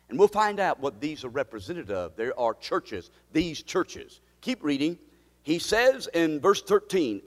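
A man's voice: fairly high pitch, sing-song, measured pace. Reverberant, dramatic preaching pastor man. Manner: swings from loud preaching to hushed prayer; leads the congregation in call-and-response. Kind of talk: sermon. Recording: long hall reverb.

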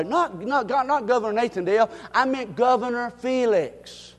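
A man preaching an animated Bible lesson, calling for responses from the crowd and bursting into shouts. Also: sits high, moderate pace, few pauses. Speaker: preacher teaching Bible study. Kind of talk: animated sermon. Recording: long reverb in a large hall.

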